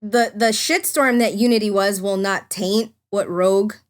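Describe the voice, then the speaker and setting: A woman's voice: mid-range voice, steady tone, normal speed. Enthusiastic woman panelist. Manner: enthusiastic, restarts often with "I mean". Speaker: podcast panelist. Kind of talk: casual gaming podcast chat.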